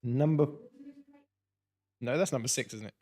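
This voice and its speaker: A man's voice: medium pitch, normal speed, a little mellow. A man hosting a casual livestream quiz, jokey and punning as he reads out answers. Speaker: quiz host.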